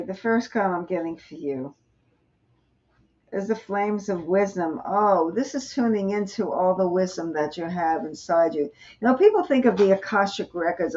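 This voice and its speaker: A woman reading tarot cards for a viewer on a live stream, explaining each card gently. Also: fairly low pitch. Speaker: tarot reader, host. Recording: muffled lo-fi stream audio.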